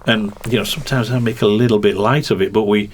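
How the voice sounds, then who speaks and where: A man's voice: on the low side, fairly even intonation, quick pace, a little hiss or hum. A man, a motorcycle racing commentator, telling rambling anecdotes in a podcast interview with many restarts and a ready laugh.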